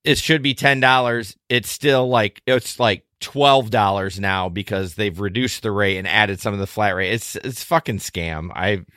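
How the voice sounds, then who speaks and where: Podcast co-host, male, lower pitch, blunt and sweary. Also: unhurried, few pauses, sharp tone, no echo, clean studio sound. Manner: blunt, swears when ranting. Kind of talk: casual podcast chat.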